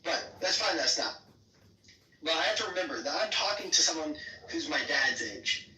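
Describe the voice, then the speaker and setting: A young man with a squeaky, nasal voice, stammering and repeating himself in a heated voice-chat argument. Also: expressive, bright, forceful tone. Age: young adult. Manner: halting, stammering, with nervous repeats. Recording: roomy, distant sound.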